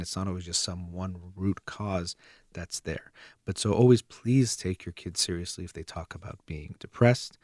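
A man giving steady, earnest parenting advice in a calm explanatory monologue, like a counselor. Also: sits low, no room sound, studio quality.

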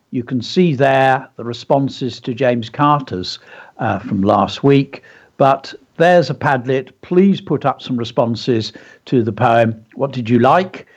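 A man's voice: mid-range voice, highs cut off. A male radio host teaching creative writing, talking in an enthusiastic, explanatory way with frequent fillers. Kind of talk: instructive radio talk.

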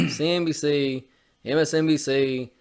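A man's voice: fairly high pitch, steady tone, measured pace, creaky, darkish tone, smooth. A man co-hosting a podcast, ranting on politics in a heated, profane way. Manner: heated, profane, repetitive swearing. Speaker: podcast co-host. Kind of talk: opinionated political rant.

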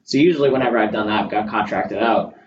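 A man's voice: on the low side, fast, a little hiss or hum. A young man who is a photographer, chatting casually and candidly, swearing freely as he tells his stories. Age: young adult. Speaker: guest photographer. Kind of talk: casual podcast chat. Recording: roomy, distant, dull lo-fi sound.

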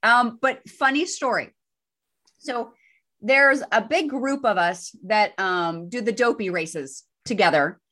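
A woman co-hosting a podcast, telling a personal story in casual chat with a lively, self-deprecating manner. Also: fairly high pitch, slow. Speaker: podcast co-host.

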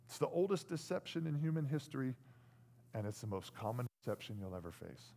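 A man preaching a sermon, animated, swinging between loud bursts and hushed lines and acting out what people say. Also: mid-range voice, normal speed, vocal fry, slightly rough. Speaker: pastor.

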